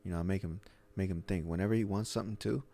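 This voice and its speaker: Speaking rapid-fire in a low, dark, steady voice, a middle-aged man who owns a gym chats casually on a podcast. He tells meandering stories and frequently restarts his sentences.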